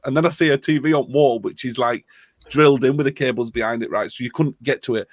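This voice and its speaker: A man's voice: medium pitch, quick pace, no room sound. Laughing young man, dry close sound. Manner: laughs often through his story, swears freely. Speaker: live stream host. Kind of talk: casual storytelling chat.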